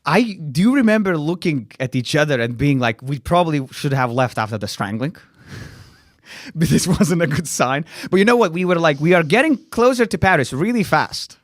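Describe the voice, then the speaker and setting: A man's voice: on the high side, very animated, normal speed, no room sound, clean studio sound. A young man from Lithuania with a Lithuanian accent, a comedian telling a wild story in casual chat, acting out quotes and laughing often. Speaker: comedian guest.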